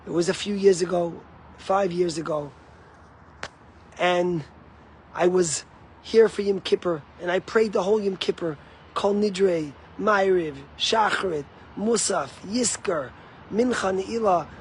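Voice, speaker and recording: A man's voice: high voice, measured pace, a little hiss or hum, pitched above the performer's own voice. A man voicing a humble male cantor who recounts his story in plain, confessional speech. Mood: recounting.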